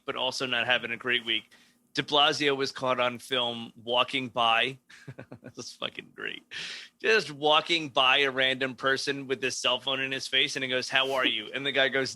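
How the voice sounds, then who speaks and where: A man's voice: medium pitch, pushed and bright, no room sound. A man co-hosting a casual comedy podcast, telling stories with lots of swearing and laughter, acting out quotes. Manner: profane, laughing, storytelling with acted-out quotes. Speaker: podcast co-host.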